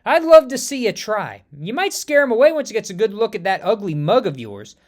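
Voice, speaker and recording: A man's voice: high-pitched, big pitch swings, brisk, voice pushed up. A man doing a cocky young fire hero.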